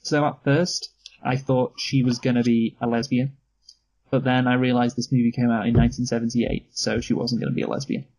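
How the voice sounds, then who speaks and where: Husky guy talking through the cast list, dry and sweary, laughs a lot. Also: mid-range voice, little pitch movement, fairly quick, darkish tone, poor audio. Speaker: podcast co-host. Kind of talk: casual film review chat.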